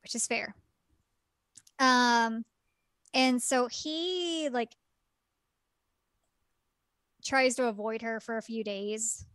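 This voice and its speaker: A woman on a podcast, casually retelling a story. She fills her talk with "like" and "um" and breaks in with quick laughs and exclaimed asides. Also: a little high, fairly bright tone, clear, resonant tone, no echo. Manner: chatty, filler-heavy retelling with lots of "like" and "um". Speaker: podcast co-host reviewing a game.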